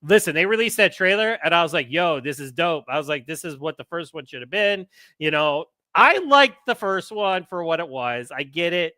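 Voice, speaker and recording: Rambly guy hosting a live stream, bright tense voice, kinda high, super dry mic. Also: moderate pace, dry recording. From United States. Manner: rambling, excitable, chatty with fillers. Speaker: podcast host. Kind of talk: casual live-stream chat.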